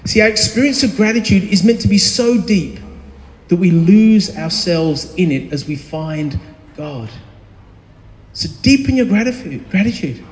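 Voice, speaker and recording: Male pastor, thirties, high voice, chatty sermon style full of ums and restarts, long reverb from the hall. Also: darkish tone. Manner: conversational, with frequent fillers and restarts. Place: church hall. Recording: echoey hall.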